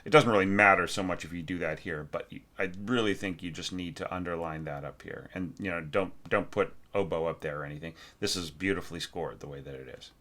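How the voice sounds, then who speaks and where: A man's voice: low voice, fairly quick, hardly any pauses, bright, forceful tone. A man teaching orchestration, giving feedback on a score while thinking aloud. He often sings the musical parts and asks "right?". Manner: frequent fillers and restarts, encouraging but direct. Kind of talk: spoken feedback lesson on a score.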